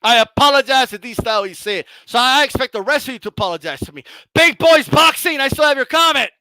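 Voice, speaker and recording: A man hosting a boxing channel, gloating and mocking his critics in a heated rant, swearing often and shouting at times. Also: very high-pitched, lively intonation, fast talker, no room sound. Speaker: boxing commentator and channel host.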